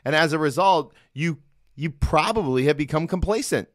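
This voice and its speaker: A man's voice: fairly high pitch, expressive, normal speed, no echo, clean studio sound. A middle-aged man hosting a solo Christian podcast, talking earnestly and conversationally and checking in with the listener often. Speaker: podcast host. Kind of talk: solo devotional podcast talk.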